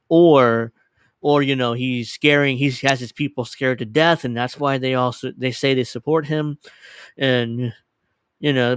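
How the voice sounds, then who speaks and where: A man's voice: medium pitch, clear, resonant tone, dry recording. A man hosting his livestream, giving casual, profane, sarcastic commentary on a clip and laughing often. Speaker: livestream host.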